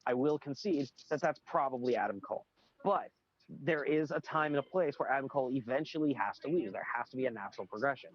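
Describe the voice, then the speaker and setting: On lo-fi audio, a man with a medium-pitched voice talks fast while co-hosting a podcast. In casual chat he rants with strong opinions and frequently restarts his sentences.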